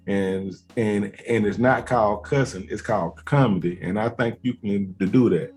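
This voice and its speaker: A man's voice: lowish voice, normal speed, few pauses, a little mellow, soft background music. Laid-back man spinning a long story. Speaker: host. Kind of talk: casual chat, storytelling.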